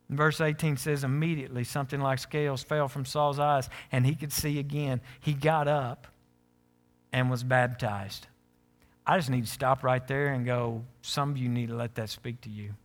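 A man preaching a sermon as pastor, animated, acting out the scripture characters he reads. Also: normal speed, soft background music. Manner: animated, acts out scripture characters with rising pitch.

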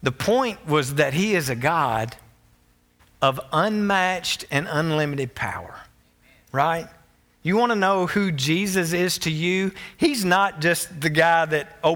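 Bright-voiced excited male pastor preaching. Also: a little high, slow. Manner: emphatic, rising to excited peaks, with stammered restarts. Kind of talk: sermon.

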